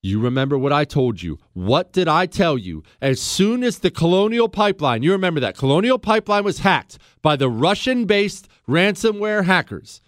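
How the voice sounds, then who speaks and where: A man's voice: on the high side, big pitch swings, moderate pace, hardly any pauses, no echo, studio quality. A man hosting a radio talk show, delivering a fired-up political monologue full of rhetorical questions. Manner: heated, emphatic, rhetorical questions.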